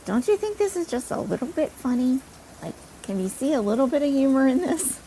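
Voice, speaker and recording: A woman's voice: high-pitched, very animated, fairly quick, dark tone, a little hiss or hum, pitched above the performer's own voice, poor audio. A woman voicing a teasing, amused male friend in a retold story. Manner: light, teasing. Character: teasing middle-aged man, amused friend.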